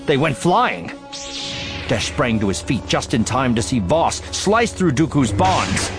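A man narrating a dramatic story in an expressive audiobook reading, shifting voices for the characters. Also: mid-range voice, unhurried, music in the background.

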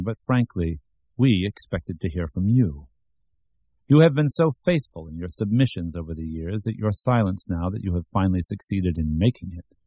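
A man's voice: low voice, a little mellow, dry recording. A man reading as a polite, formal magazine editor. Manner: slow, measured reading.

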